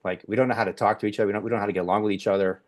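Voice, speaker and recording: Low-voiced man talking in circles. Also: fairly even intonation, racing. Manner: rambling, many restarts and fillers. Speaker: podcast host. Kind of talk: casual group discussion.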